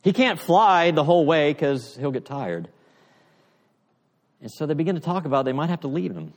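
A man's voice: fairly high pitch, normal speed. Man preaching in an echoing hall. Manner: animated retelling with stumbles and repeated words. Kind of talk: sermon storytelling. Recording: long echoey reverb, large hall.

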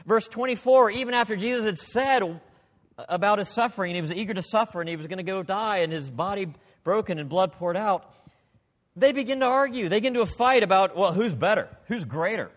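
A man preaching a sermon, expressive, swinging from loud emphasis to hushed, quiet passages. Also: high voice, a little fast, long reverb tail.

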